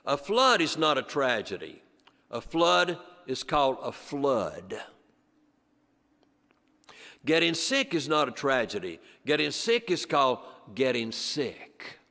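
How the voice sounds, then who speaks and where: A man's voice: medium pitch, sing-song, takes it slowly, pushed and bright, exaggerated voice. A man doing an earnest older German factory owner. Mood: grave. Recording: long church reverb.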